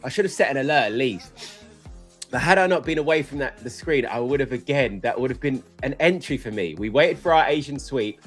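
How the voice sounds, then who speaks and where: A young man hosts a live trading stream from his desk mic, talking casually and rambling through his points. He's excitable and breaks into laughter now and then, with his voice at an everyday middle pitch. Faint music runs quietly underneath. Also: a little fast, breathy edge.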